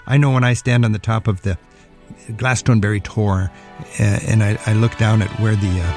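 A man's voice: on the low side, fairly even intonation, normal speed, a little mellow, faint music behind. A man hosting a radio travel interview, chatty and enthusiastic, with frequent fillers. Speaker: radio travel show host.

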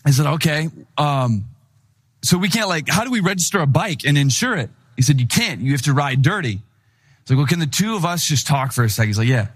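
A young man from Wisconsin, a pastor, giving a sermon that opens with an animated personal story and acts out the voices of the people in it. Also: a little high, fairly quick, breathy edge.

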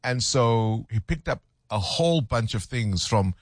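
A man's voice: medium pitch, expressive, measured pace, dry recording, studio quality. A man, hosting a call-in radio show and often teasing with a laugh. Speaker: radio host.

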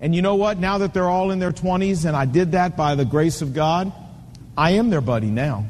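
A man's voice: high-pitched, normal speed, a little mellow, long reverb tail, a little hiss or hum. A man in his fifties preaching a sermon, telling stories and hammering home points with an emphatic, repetitive cadence. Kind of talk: sermon to men on fatherhood.

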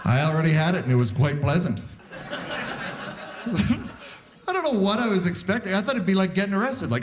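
A man's voice: high-pitched, brisk, pauses often, a crowd in the background. A man in his forties doing a wry stand-up set on stage, acting out little voices. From Canada. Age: 40s. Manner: wry, animated, acts out voices. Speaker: stand-up comedian. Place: live comedy venue with audience.

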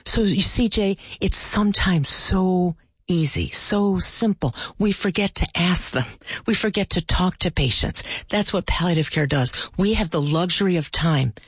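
Earnest, animated woman clinician. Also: fairly low pitch, moderate pace, slightly rough, no echo, studio quality. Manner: animated storyteller, earnest and direct. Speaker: palliative care clinician. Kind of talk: conversational interview.

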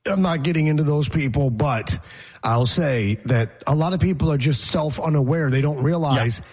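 A man co-hosts a podcast in loose, casual chat. His voice sits a little high and sounds husky. He rants bluntly, with a sarcastic edge. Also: moderate pace, a little mellow. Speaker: podcast co-host.

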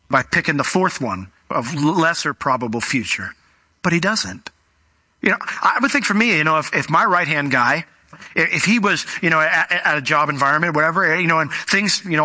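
A male pastor delivering a sermon in a relaxed, talky manner, slipping into voices for the people in his stories. His voice is very bright and a little high, recorded dry and close. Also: dry recording. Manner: conversational storytelling preacher, acts out Bible characters in voices.

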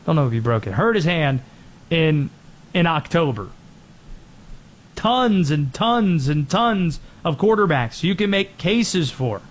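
A man hosting a sports show, talking through college football and the World Cup with energetic commentary. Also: fairly high pitch, slow.

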